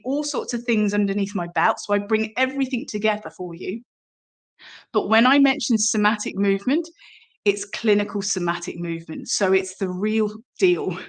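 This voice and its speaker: A middle-aged woman, a somatic movement teacher, talking directly to listeners in an encouraging, chatty way and asking them questions. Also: medium pitch. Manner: warm, encouraging direct address with rhetorical questions. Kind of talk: podcast-style promotional talk.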